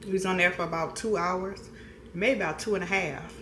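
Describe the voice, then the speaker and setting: A woman's voice: fairly low pitch, fairly even intonation, a little fast, sharp tone, a little hiss or hum. A middle-aged woman vlogging casually to camera, chatty and folksy, often laughing as she talks.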